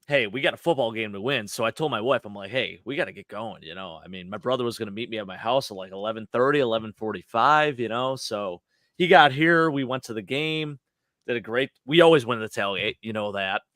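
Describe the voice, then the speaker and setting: A man with a hoarse, worn-out voice, chatting excitedly and rambling about a football game on a fan podcast. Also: medium pitch, brisk, dry recording, studio quality. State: hoarse, lost his voice. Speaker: podcast panelist. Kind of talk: casual sports chat.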